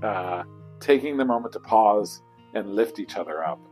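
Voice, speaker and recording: A man who conducts choirs, speaking reflectively in an interview and acting out inner voices with sudden high exclamations. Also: animated, normal speed, darkish tone, soft background music, poor audio. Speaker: choral conductor. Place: church.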